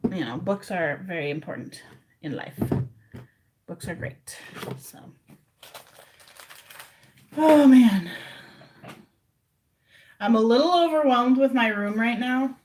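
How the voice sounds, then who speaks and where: A woman's voice: on the high side, animated, takes it slowly, pauses often, darkish tone, a little hiss or hum. A woman chatting casually on a livestream from her room at home, rambling and talking directly to her viewers.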